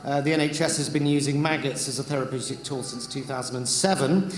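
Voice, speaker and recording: A man's voice: mid-range voice, fast talker, echoey room, in a large hall. A man hosting a comedy awards show, sarcastic and chuckling between his lines. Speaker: awards host.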